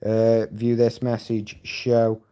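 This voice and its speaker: A man's voice: mid-range voice, monotone, takes it slowly, mellow, clear, resonant tone. A Scottish man chatting casually on a live stream, rambling and swearing bluntly as he reads and answers viewer comments. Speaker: livestreamer.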